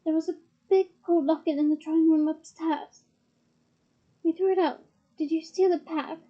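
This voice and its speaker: A woman's voice: very high-pitched, fairly even intonation, normal speed, warm tone, dull audio. A woman voicing a determined teenage boy wizard who speaks urgently and gives commands, in a storybook reading.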